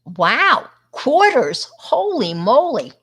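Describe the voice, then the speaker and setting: A woman's voice: high-pitched, big pitch swings, slow, a bit bright, slightly rough. A woman from Long Island, New York, presenting an art live stream. She tells a story and demonstrates casually, rambling and speaking to viewers as she works. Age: older.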